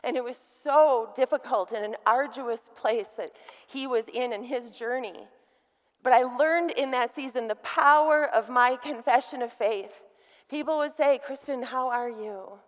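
A woman's voice: high voice, measured pace. A middle-aged woman delivering a sermon to women, emphatic and calling on her listeners to repeat key words. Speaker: women's ministry speaker. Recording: long reverb from a hall.

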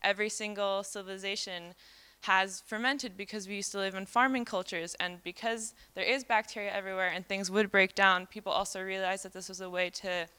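A woman's voice: mid-range voice, fairly even intonation, fairly quick, pushed and bright, smooth. An American woman from New York City giving a live seminar lecture on fermentation, casual and chatty with lots of "um" and "like". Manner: casual, chatty, many fillers like "um" and "like". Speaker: fermentation educator and speaker.

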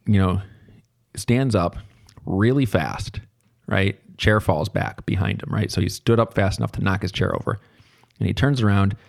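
Low-voiced man telling a rambling story. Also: gravelly, a little mellow. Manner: rambling, many fillers and restarts. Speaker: podcast host; teacher or tutor. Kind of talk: casual storytelling monologue.

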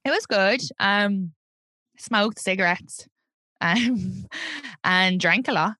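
Taking it slowly in a mid-range voice, an Irish-accented woman in her thirties from Ireland, a comedian, tells personal stories as an interview guest. The conversation is candid, and her storytelling is animated, blunt and profane; the recording is dry with clean studio sound.

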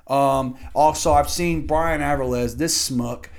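A man giving a casual, excitable and profane play-by-play review of a wrestling event. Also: medium pitch, takes it slowly. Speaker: wrestling podcast host.

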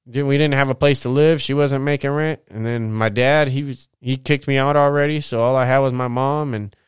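A male podcast host speaks in a casual, rambling monologue, candid and full of swearing. His voice is smooth and clear. The sound is dry and close. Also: mid-range voice, no echo.

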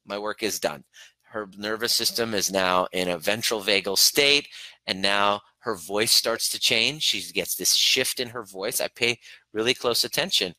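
Male relationship coach, middle-aged, earnest and hands-on; bright, forward tone in a dry room. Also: on the low side, unhurried, dry recording, low-quality recording. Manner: earnest, coaching, acts out examples in a soft cooing voice. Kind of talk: motivational talk to camera.

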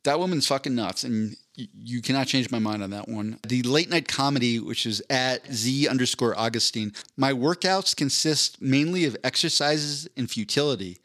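A man trading crude jokes on a podcast, reading out tweets and his own replies. His voice sits at a middle pitch, and he lifts it when he quotes someone. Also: normal speed, hardly any pauses. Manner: joking, crude, animated when quoting. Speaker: podcast co-host. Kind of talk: casual chat, reading out tweets.

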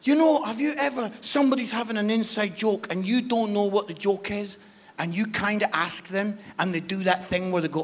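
A man preaching a passionate sermon as a guest speaker, dropping to near-whispers and then rising to shouts. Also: high voice, fairly quick. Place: church service.

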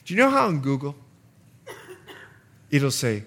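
A man preaching a sermon in an animated way, acting out little asides for the congregation. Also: on the high side, unhurried. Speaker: pastor.

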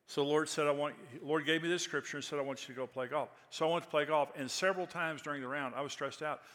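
A man's voice: a little high, steady tone, quick pace, a bit bright, long reverb tail. A man in his sixties preaching a sermon, telling stories in a conversational way that rises to emphatic peaks. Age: 60s. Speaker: pastor. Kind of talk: sermon with storytelling.

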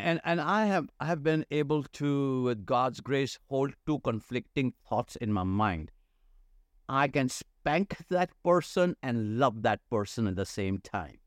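A middle-aged man speaks slowly and deliberately as a podcast guest. He sounds earnest and often repeats a phrase to drive it home. The room sound is dry and close. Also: medium pitch, no room sound. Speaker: church leadership consultant, guest. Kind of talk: podcast interview.

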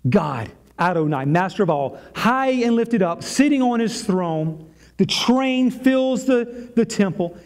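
A man preaching a sermon, retelling scripture dramatically with long pauses, moving from fervent loud passages to hushed whispers. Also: high-pitched. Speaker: pastor.

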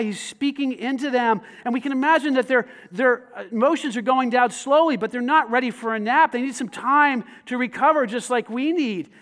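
A man preaching a sermon, animated and conversational, swinging from loud emphasis to quiet asides and asking the congregation questions. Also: extremely high pitch. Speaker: pastor.

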